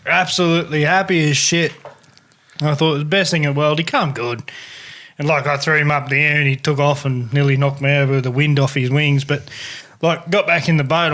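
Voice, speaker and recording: A man's voice: on the high side, fairly even intonation, fairly quick, fairly bright tone. An Australian man on a podcast telling a cheeky, laughing anecdote in casual chat.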